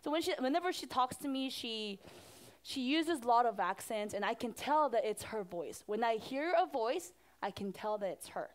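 High-voiced woman pastor talking to kids. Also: moderate pace. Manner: animated, asks the children questions. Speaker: children's pastor. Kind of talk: children's sermon.

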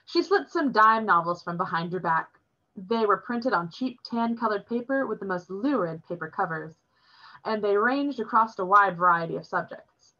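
A woman reading a novel chapter aloud in a steady storytelling manner. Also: mid-range voice, normal speed. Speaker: reader. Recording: dull lo-fi recording.

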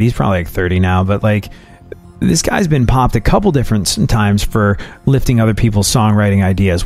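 A man's voice: medium pitch, darkish tone. A man hosting a solo podcast, talking in a chatty, wry way with asides and jokes. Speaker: podcast host.

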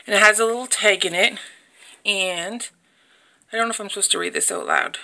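Gushing bright-voiced young woman vlogger. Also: medium pitch, expressive, fairly quick. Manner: gushing, chatty, talks to viewers. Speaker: craft vlogger. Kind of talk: casual unboxing chat. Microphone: phone camera.

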